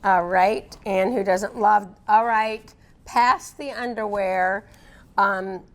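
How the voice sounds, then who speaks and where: Woman children's librarian, co-host, animated, loves reading picture books aloud. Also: medium pitch, slow pace. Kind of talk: casual chat about books. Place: public library.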